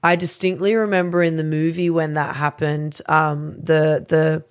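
A woman chatting as a guest on a gaming podcast, halting and full of restarts. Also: low-pitched, level tone, clear, resonant tone. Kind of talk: casual chat.

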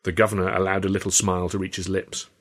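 A man's voice: low-pitched, level tone, fast, a bit bright. Man reading a story aloud, dry and wry. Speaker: author and reader. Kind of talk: audiobook narration.

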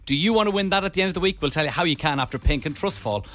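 An Irish man hosting a radio show, running the segments in brisk, upbeat presenter patter. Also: on the high side, expressive, pushed and bright.

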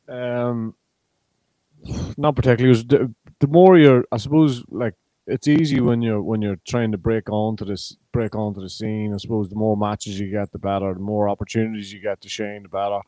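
An Irish man with a low, mellow voice gives his take as a sports pundit, keeping his pitch steady and even. He talks in a measured way, pausing with ums, and the sound is dry and close. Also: dry recording, poor audio. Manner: measured, hesitant with frequent ums. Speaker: pundit, former player and college coach. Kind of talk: casual sports chat.

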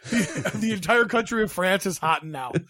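A man with a high voice jokes around as a podcast guest, mocking himself. The recording sounds dry and close. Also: normal speed, sharp tone, dry recording. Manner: joking, self-mocking. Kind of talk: casual podcast chat.

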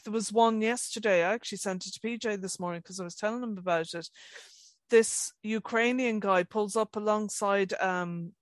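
A woman's voice: medium pitch, no room sound. A young woman with an Irish accent talks in a loose, rambling way, full of fillers and restarts. Her voice sits mid-range. The sound is dry and close, with no room around it. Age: young adult. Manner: animated, rambling storytelling with many fillers. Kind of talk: casual chat.

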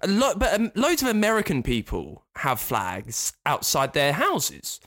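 A man's voice: on the high side, huge pitch swings, measured pace, fairly bright tone. A young man hosting a podcast, teasing and sardonic in casual chat. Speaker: podcast host.

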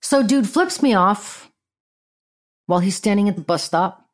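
A woman hosting a podcast, telling a story in a blunt, profane, animated way. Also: mid-range voice, measured pace. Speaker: podcast host. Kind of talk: casual storytelling monologue.

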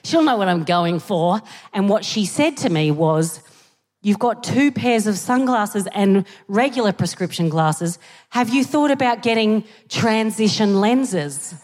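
With a mid-range voice and a measured pace, this Australian comic tells her stories animatedly and shouts punchlines without warning. The set was captured live on a theatre stage, full of long hall reverb.

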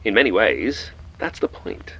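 A man's voice: fairly low pitch, big pitch swings, measured pace, fairly bright tone, slightly rough, full character voice. An actor playing a genial, cheerfully polite but menacing old man in an audio drama.

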